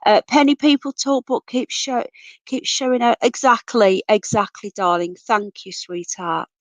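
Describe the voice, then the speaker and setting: A woman with a fairly high voice and fairly even intonation speaks a little slowly, with no echo. She's hosting a casual livestream on an off-camera computer mic, reading viewer comments and calling everyone darling and sweetheart while her voice goes from a cold.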